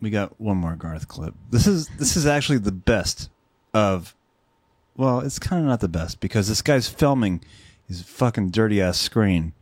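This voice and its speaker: Sex: man. Role: co-host. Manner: joking, swearing, laughing. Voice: lively pitch, dry sound. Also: moderate pace, no echo. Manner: animated, swearing, laughing, jokey. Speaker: podcast co-host. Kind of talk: casual reaction chat.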